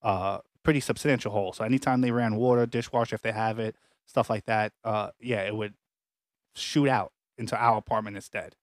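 A man co-hosting a podcast, telling a long story casually with restarts and animated retellings, recorded at home. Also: fairly low pitch, brisk, no echo. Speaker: podcast co-host. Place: home apartment.

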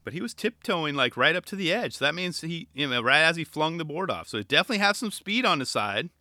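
A young man giving casual solo commentary on skateboarding, excitable and rambling, firing off rhetorical questions. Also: fairly high pitch, quick pace, dry recording, studio quality.

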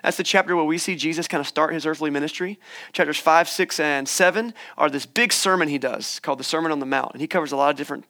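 A young male pastor delivers a sermon in a church with a slightly high-pitched voice. He talks to the congregation in a conversational, encouraging way and drops playful asides along the way. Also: quick pace, sharp tone. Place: church hall.

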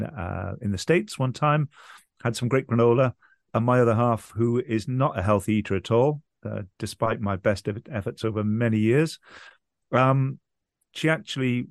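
A man's voice: mid-range voice, vocal fry, no room sound. Chatty man, dry close sound. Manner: chatty, anecdotal. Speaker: business founder guest. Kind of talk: interview answers.

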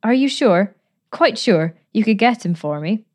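A woman's voice: medium pitch, lively intonation, unhurried, voice pushed up, lightly acted. A woman reading a storybook, voicing an eager, timid eighteen-year-old girl who speaks earnestly and stammers a little.

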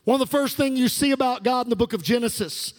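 A man's voice: extremely high pitch, fast talker. A middle-aged male pastor delivering a sermon with fervent call-and-response preaching in a church sanctuary. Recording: long reverb of a large hall.

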